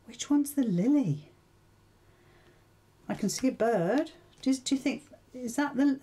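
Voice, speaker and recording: A woman's voice: mid-range voice, very animated, normal speed, long pauses, dark tone, husky. A woman hosting a live sewing tutorial, chatting casually, thinking aloud and asking her viewers questions.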